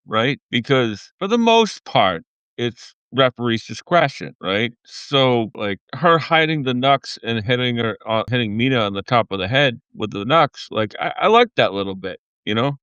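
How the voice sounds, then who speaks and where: Podcast co-host, male, Boston accent, crisp bright voice, stammery rants, dull lo-fi mic. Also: mid-range voice, sing-song, normal speed, dry recording. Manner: rambling and stammering, heated rants. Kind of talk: casual podcast chat.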